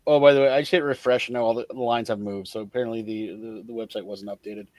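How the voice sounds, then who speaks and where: Guy co-hosting a sports pod, quick offhand comments, dead dry sound. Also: fairly low pitch, fairly even intonation, darkish tone, no echo. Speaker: podcast co-host. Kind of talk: casual sports talk.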